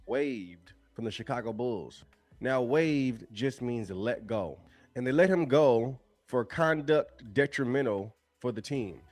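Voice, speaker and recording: A man's voice: mid-range voice, expressive, takes it slowly, a little mellow, dry recording, soft background music. A man content creator explaining a news story in a plain, direct way. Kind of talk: explainer commentary.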